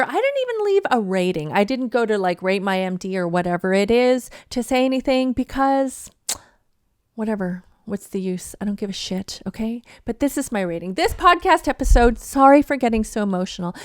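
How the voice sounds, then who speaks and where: A woman's voice: medium pitch, darkish tone, no echo, clean studio sound. A woman hosting a podcast, telling a story in a blunt, wry and profane casual rant. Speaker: podcast host. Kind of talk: casual ranting monologue.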